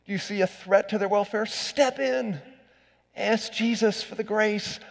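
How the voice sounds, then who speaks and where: A middle-aged male pastor preaches with earnest conviction. His voice sits a little high and swings between loud emphasis and quiet asides. A long reverb trails each phrase in the church. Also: a little slow, creaky. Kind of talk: sermon. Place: church sanctuary.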